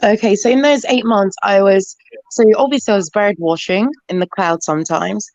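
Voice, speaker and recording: A woman's voice: mid-range voice, darkish tone, dry recording, highs cut off. A woman with a London accent, chatting and joking as a caller on a live online panel. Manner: joking, cheeky, quick asides. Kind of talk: casual live chat.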